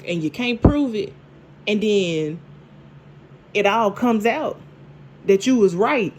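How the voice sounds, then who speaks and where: A woman, casually recapping a TV drama episode, animated and laughing, with lots of repeats and restarts. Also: medium pitch, a little hiss or hum. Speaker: TV show reviewer.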